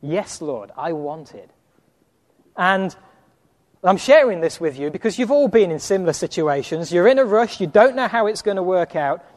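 A man preaching, telling a personal anecdote in an animated storytelling sermon with acted-out quotes. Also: high voice, fairly quick, long reverb tail.

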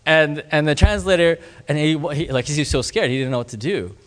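Excitable man telling a mission story. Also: a little high, a little fast. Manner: excitable, laughing, acts out quotes. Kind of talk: animated storytelling talk. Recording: reverberant hall.

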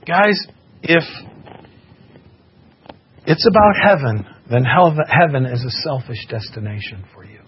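A man's voice: medium pitch, big pitch swings, unhurried, pauses often. A man preaching a sermon and telling a personal testimony in an earnest, impassioned way. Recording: muffled recording with faint background noise.

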